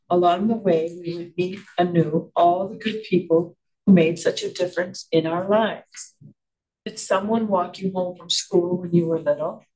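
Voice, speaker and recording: A man, a committee member, reading a folk story aloud at a meeting and reflecting on it in a measured, thoughtful way. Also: high voice, a little mellow, low-quality recording. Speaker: committee member giving the opening inspiration.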